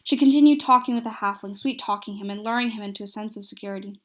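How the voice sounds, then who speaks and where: A woman's voice: medium pitch, fast. A woman narrating a recap of a tabletop fantasy game, reading steadily with small slips and restarts.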